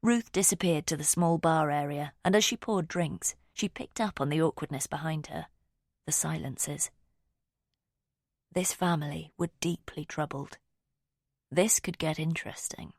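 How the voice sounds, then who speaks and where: A woman reading a mystery audiobook in a steady, measured storytelling voice. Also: sits low, no room sound, studio quality. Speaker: audiobook narrator. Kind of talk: scripted narration.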